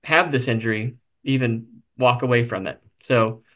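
A man's voice: medium pitch, steady tone, normal speed, fairly bright tone. A man being interviewed, telling a personal story candidly, with self-deprecating humor and frequent fillers. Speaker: interview guest.

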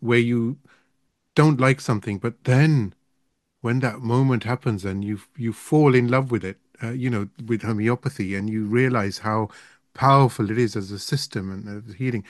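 A man's voice: mid-range voice, moderate pace, no room sound, studio quality. A man hosting an interview, speaking reflectively and repeating words as he thinks. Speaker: interview host. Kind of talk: interview chat.

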